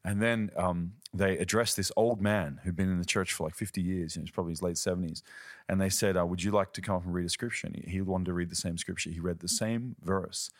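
A man's voice: sits low, fairly even intonation, fairly quick, dry recording, studio quality. A man, a ministry leader and podcast guest, teaching earnestly in conversation and telling stories. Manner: earnest, storytelling, uses quoted voices.

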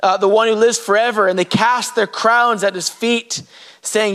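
A man delivers a fervent sermon, his voice pitched very high for a man. His tone is bright and forceful, and he breaks into sudden shouts as he preaches. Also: steady tone, normal speed. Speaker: pastor.

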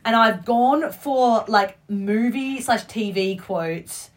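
A woman hosting a casual podcast quote game, chatty and quick to laugh. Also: a little high. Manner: chatty, laughs often, reads quotes in put-on voices. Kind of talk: casual chat.

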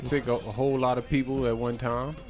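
A man speaking in a casual podcast chat, measured and reflective but insistent. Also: medium pitch, flat delivery, crowd noise.

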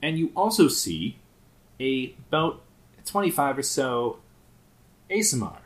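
A man's voice: mid-range voice, very animated, slow. A man narrating as game master of a sci-fi tabletop game, casual and swearing freely, often laughing.

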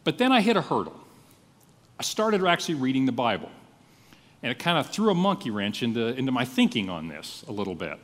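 A male pastor preaching a sermon, telling his story in a lively, animated way and acting out his own thoughts. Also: mid-range voice, brisk, in a large hall.

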